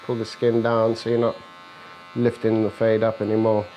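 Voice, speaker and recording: Working indoors in a barbershop, a barber explains each step of a fade haircut and jokes with the client he's cutting. His lowish, warm voice is completely flat and moves at normal speed. Behind him electric clippers buzz faintly, and the rough recording has a little hiss or hum.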